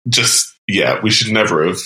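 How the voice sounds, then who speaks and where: A man's voice: lowish voice, moderate pace, sharp tone. A man co-hosting a podcast, chatting casually and telling stories with laughs and exclamations. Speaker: podcast co-host. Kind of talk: casual chat. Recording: roomy echo.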